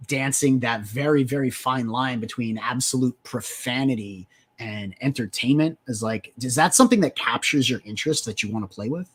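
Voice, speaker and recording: A man co-hosting a casual livestream chat, animated and swearing, swinging between loud asides and mumbled trailing lines. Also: medium pitch, normal speed, hardly any pauses, breathy edge. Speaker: livestream co-host.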